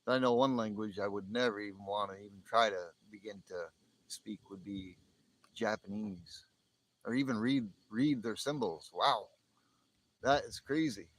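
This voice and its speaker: A man hosting a live stream talks at a normal speed in a lowish voice, rambling casually and chuckling as he goes, often restarting what he's saying. He's from the northern United States near the Canadian border, and the audio is poor.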